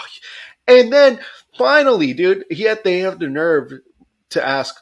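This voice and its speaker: A man co-hosting a casual podcast, telling a story with plenty of swearing. He acts out the other people with quoted voices, his pitch jumping around as he goes. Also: moderate pace. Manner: animated storytelling, acting out both sides with quoted voices and swearing. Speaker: podcast co-host.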